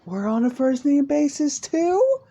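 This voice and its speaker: A man voicing an excitable teenage girl classmate who gushes and squeals. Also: very high-pitched, a little slow, dull audio, pitched above the performer's own voice, full character voice. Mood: gushing.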